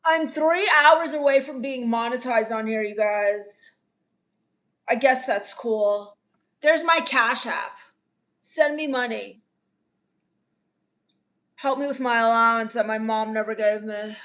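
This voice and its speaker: A woman's voice: fairly high pitch, slow, pauses often, a bit bright. A woman playing a bratty, self-absorbed teenage livestreamer who reads viewer comments aloud in a snarky, dismissive way. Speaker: comedian doing a livestream character. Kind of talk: improvised livestream comedy.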